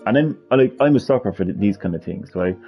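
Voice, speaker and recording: A man's voice: lowish voice, expressive, fast talker. A man in his thirties chatting casually over gameplay as a let's-play host, rambling and laughing easily. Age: 30s. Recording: dull lo-fi sound with game music.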